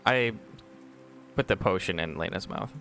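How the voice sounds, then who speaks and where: A man's voice: low-pitched, normal speed, vocal fry, fairly bright tone, faint music behind. A man playing a tabletop game, grumpy and sardonic in tone. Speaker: tabletop player.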